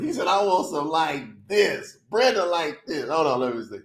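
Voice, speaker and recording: A man's voice: sits high, animated, normal speed, echoey room. An upbeat man hosting a casual livestream, chatting with viewers and reading their comments aloud. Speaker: livestream host.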